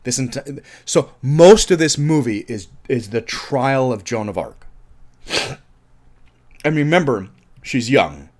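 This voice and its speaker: Man, mid-pitched voice, casual film review, rambling, frank, swears. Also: very animated, takes it slowly, long pauses, darkish tone. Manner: rambling, frank, swears, repeats himself when frustrated.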